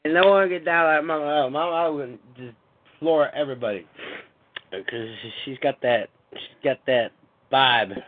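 A man's voice: fairly high pitch, normal speed. A man chatting casually and enthusiastically praising someone on a call. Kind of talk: casual chat. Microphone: video call. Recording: phone-like call line with faint noise.

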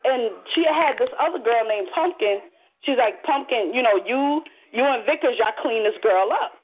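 A woman casually telling a story on a call, animated and profane, acting out the voices in it. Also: on the high side, normal speed, breathy edge. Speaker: caller. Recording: muffled phone line.

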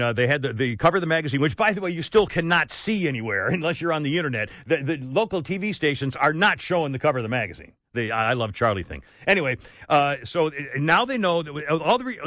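A man hosting a talk radio show, ranting with sarcasm and indignation, swinging between loud outbursts and low asides. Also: expressive, fast, no echo. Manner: indignant, sarcastic, rants loudly then drops low. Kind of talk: opinionated talk radio monologue.

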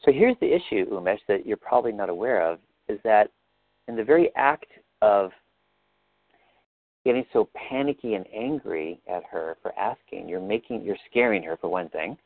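A man with a low, gravelly voice leads a coaching session, asking patient, probing questions. The sound is dry and tinny, like a call line. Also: animated, moderate pace, no room sound. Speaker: life coach leading a session.

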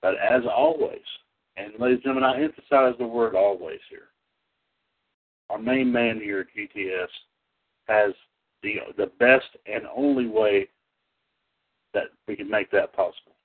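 A man's voice: on the low side, normal speed, long pauses. A man from the North Carolina area hosting a radio show in a folksy, chatty manner, reading wrestling history. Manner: folksy, chatty, coughs and clears throat, lively. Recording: tinny phone-line audio.

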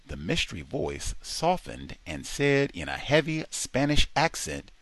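A man reading a nonfiction book aloud in a dramatic, expressive way. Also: mid-range voice, slow pace, no room sound. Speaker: audiobook reader.

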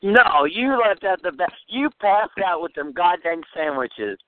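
A young man with a slightly high, lively voice teases and prods his partner in casual chat. The sound is dry and tinny, like a phone line. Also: unhurried, no room sound. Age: young adult. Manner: eggs his partner on, teasing. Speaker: wrestling guest.

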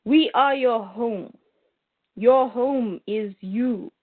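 A woman voicing a cold, menacing male alien machine in a slow, formal way, on a tinny line. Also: a little high, husky, heavily acted. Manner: slow, formal, unhurried delivery.

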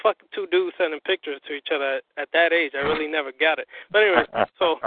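A man, a guest on a call-in interview, telling his story in an animated, profane way and acting out what others said. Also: a little high, quick pace, dry recording. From US Northeast. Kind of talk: casual phone interview. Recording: tinny phone line.

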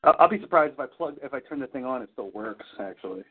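A man's voice: medium pitch, lively intonation, fast talker, husky. A man hosting a podcast in casual chat, rambling and swearing constantly. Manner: swears constantly, rambling, says "you know what I mean". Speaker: podcast host. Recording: tinny phone-like audio.

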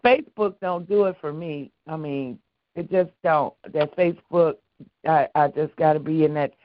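A woman calling in to a prayer line, speaking in a warm, churchy way and repeating herself. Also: low-pitched, normal speed, a little hiss or hum. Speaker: caller. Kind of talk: casual call-in prayer testimony. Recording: dry muffled phone line.

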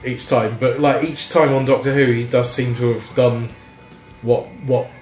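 A man's voice: medium pitch, fairly even intonation, a little mellow, echoey room, soft background music. A man from South East London with a South London accent, chatting casually as a podcast co-host and drifting into jokey digressions. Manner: rambling, digressive, quick to joke. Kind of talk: casual chat.

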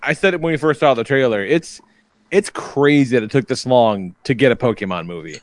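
A man's voice: mid-range voice, fairly quick, dry recording. A man in his thirties, a podcast host telling stories in a loose, profane casual chat. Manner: profane, animated storyteller.

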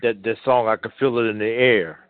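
A man talking on a casual radio show, halting and repeating words as he reminisces. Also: on the low side, fairly even intonation. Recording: dry tinny phone-like line.

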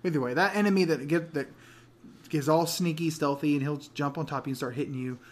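A man's voice: on the high side, fast talker, a little hiss or hum. Rambling, laughing gaming podcast guy. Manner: rambling, laughs often, many restarts. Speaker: podcast co-host. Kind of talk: casual gaming podcast chat.

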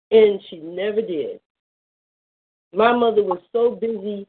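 Woman caller sharing a testimony, earnest and emotional, mid-pitched voice, heard over the phone. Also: husky. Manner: earnest, emotional storytelling with restarts. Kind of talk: personal testimony on a prayer call. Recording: tinny phone line.

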